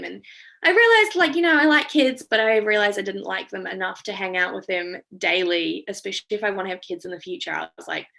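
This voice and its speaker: Bright, gravelly New Zealand woman. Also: medium pitch. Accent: New Zealand, with some Australian. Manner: chatty, lots of ums, self-deprecating. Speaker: veterinarian giving a talk. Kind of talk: casual presentation over video call. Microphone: video call.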